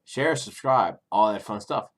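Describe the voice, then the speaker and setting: With a fairly low pitch and measured pace, a middle-aged man from the Cincinnati area, USA, reviews streaming services on his YouTube vlog. His casual review rambles, includes profanity, and is packed with ums and self-corrections.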